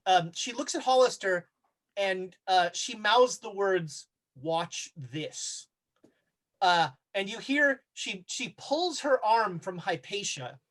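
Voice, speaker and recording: A game master narrating a tabletop horror game, halting often with fillers as he describes the scene. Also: sits high, a bit bright.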